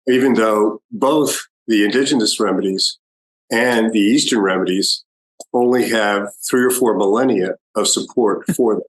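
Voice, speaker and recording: Male podcast guest, low-ish voice, deliberate and argumentative. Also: low-quality recording. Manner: measured, argumentative, many pauses. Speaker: guest expert. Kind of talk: podcast interview.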